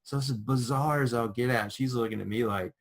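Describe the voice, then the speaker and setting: A man co-hosting a casual chat, telling a story with lively acted-out quotes. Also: medium pitch, fast talker. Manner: animated storyteller acting out quotes. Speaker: podcast co-host.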